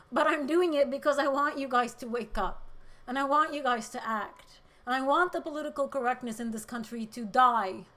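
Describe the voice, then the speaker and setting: Impassioned high-voiced woman livestreaming. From Middle East. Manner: impassioned, shifts between loud outbursts and quiet emotion. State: emotional, close to tears. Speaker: livestream host reading chat comments. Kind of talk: emotional political livestream talk.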